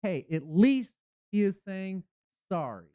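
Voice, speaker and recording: A man hosting a podcast in casual chat, halting and restarting, acting out quoted lines. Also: high-pitched, sing-song, warm tone, smooth, no echo. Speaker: podcast host.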